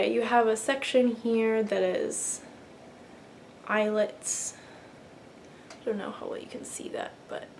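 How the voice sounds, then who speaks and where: Chatty young woman, slightly high voice. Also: a little hiss or hum. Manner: chatty, rambling with fillers and restarts. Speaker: knitting podcast host. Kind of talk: casual show-and-tell chat.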